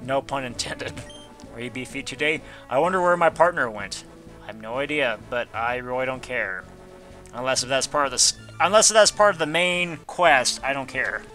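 A man's voice: medium pitch, normal speed, bright, forceful tone, soft background music. A man giving casual gameplay commentary, reading game text aloud and adding goofy asides. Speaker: let's player.

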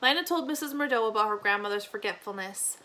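Bright-voiced teacher reading a novel aloud. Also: female voice, mid-range voice, fast talker. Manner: steady, with small slips and restarts.

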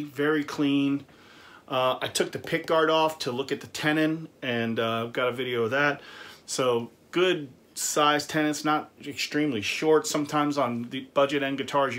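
A man talks through a guitar review in a loose, conversational way. His pitch sits in the middle of the usual range. He fills pauses with small sounds and laughs easily. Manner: relaxed, chatty, frequent fillers and laughs. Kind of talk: casual gear review.

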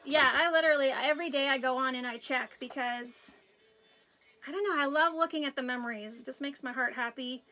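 A chatty woman hosts a craft live stream, talking casually as she works and greeting viewers by name. Her voice sits high, with a bright, clear edge. She tells her stories in an animated, friendly way. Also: fairly quick, a little hiss or hum, rough recording. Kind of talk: casual chat while crafting.

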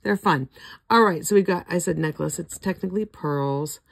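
An older woman with a hoarse throat, casually calling out scratch-off ticket symbols one by one with chatty asides. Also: lowish voice, moderate pace, no room sound. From Florida. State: hoarse, throat not cooperating. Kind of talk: casual running commentary.

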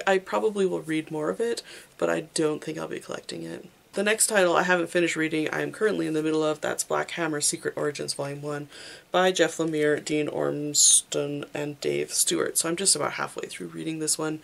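A book reviewer talking casually through a library haul, halting often on fillers and restarts and giving candid, opinionated verdicts. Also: mid-range voice, gravelly. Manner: halting, with frequent ums and restarts.

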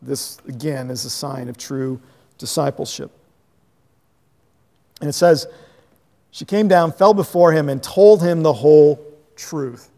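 A man preaching a sermon as a pastor, animated and conversational, chuckling at his own asides. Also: a little high, a little slow, pauses often, in a large hall. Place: church sanctuary.

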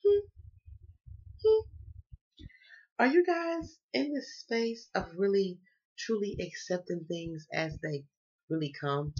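A woman's voice: medium pitch, lively intonation, takes it slowly, long pauses, a little mellow. A woman with a Southern US accent, reading tarot in a casual, slangy, playful way and cussing freely. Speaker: tarot reader. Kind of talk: casual chat. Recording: dull lo-fi sound.

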